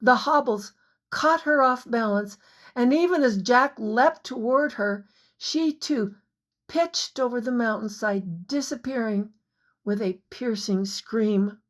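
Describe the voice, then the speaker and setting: Slow, measured woman narrating a story. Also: on the high side. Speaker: author and audiobook narrator. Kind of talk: scripted audiobook narration.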